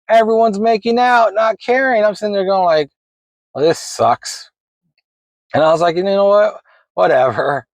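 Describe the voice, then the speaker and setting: A man's voice: on the high side, dry recording, rough recording. Man rambling through a funny memory. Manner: rambling, animated, laughs while telling. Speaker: storyteller. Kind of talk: casual personal storytelling.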